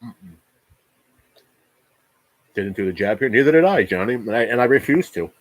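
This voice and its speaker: A man's voice: medium pitch, animated, moderate pace, no echo, rough recording. A man in his forties hosting a casual livestream chat, talking in an emphatic, profane rant and often repeating himself. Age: 40s. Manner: repeats words. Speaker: livestream host.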